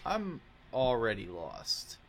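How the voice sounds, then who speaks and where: A man's voice: medium pitch, wildly swooping pitch, slow, background noise. A man commenting as he plays a video game, rambling and poking fun at himself. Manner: self-mocking and rambling. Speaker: gamer playing on stream. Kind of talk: let's-play commentary.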